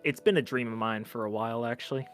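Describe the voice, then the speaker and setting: A man's voice: mid-range voice, fast, faint music behind. Modest, hesitant male podcast guest. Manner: modest, a bit hesitant, with restarts. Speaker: guest, aspiring voice actor. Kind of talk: casual interview chat.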